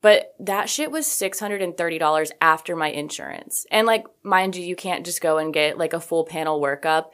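A woman's voice: fairly low pitch, normal speed, hardly any pauses, fairly bright tone. A woman hosting a video, telling a story in a casual, chatty way with lots of "like" fillers, loose swearing and self-correcting asides. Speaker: video host.

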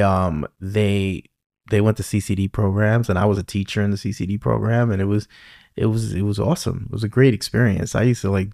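A middle-aged man with a New York accent hosts a relaxed podcast conversation. His low voice carries a gravelly edge, and he tells stories with animated energy, tossing in frequent "you know"s. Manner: animated storyteller, many "you know what I mean". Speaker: podcast host. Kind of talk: casual conversational interview.

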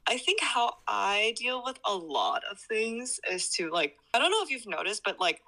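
Young woman, casual reflective chatter, bright tone. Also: on the high side, sing-song, normal speed, low-quality recording. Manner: reflective, hedging with many likes. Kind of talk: casual chat.

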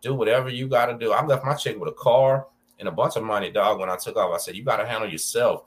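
Laid-back Texan man, lower voice. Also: fast. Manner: laid-back street slang, calls listener dog and bro. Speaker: podcast host. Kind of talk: casual conversation about prison life.

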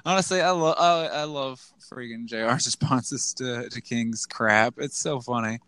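A man's voice: medium pitch, a little slow, clean tone, no echo. A man co-hosting a casual podcast, joking and stammering as he chats. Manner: animated, joking, stammering restarts. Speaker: podcast co-host. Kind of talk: casual chat.

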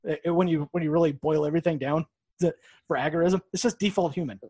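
Loose, swearing man talking shop on a podcast, higher-pitched, dry close sound. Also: fast, warm tone, husky, no room sound. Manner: laid-back, profane, rambling. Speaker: podcast co-host. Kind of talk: casual chat.

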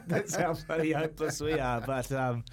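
A man with a New Zealand accent co-hosting a radio show, joking around and laughing a lot, calling everyone mate and bro. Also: fairly high pitch. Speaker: radio co-host. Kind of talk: casual studio banter.

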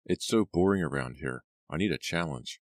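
A man's voice: a bass voice, expressive, normal speed, no room sound, studio quality. Man reading as a snobby spoiled teen girl. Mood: snide. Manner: snide, self-satisfied. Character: spoiled snobbish teenage girl, sharp-tongued.

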